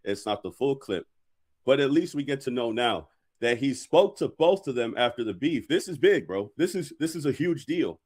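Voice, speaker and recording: A man hosting a reaction channel, talking in a measured way as he lays out his view. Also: mid-range voice, lively intonation, a little mellow. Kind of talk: casual commentary.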